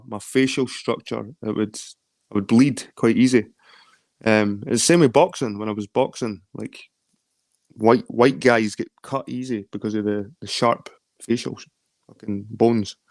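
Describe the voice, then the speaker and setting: A man with a Scottish accent talks in a loose, rambling way during a casual late-night chat, dropping swear words as he goes. His voice sits at a middling pitch. The sound is dry and close, with no room echo. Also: normal speed. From London. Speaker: chat guest.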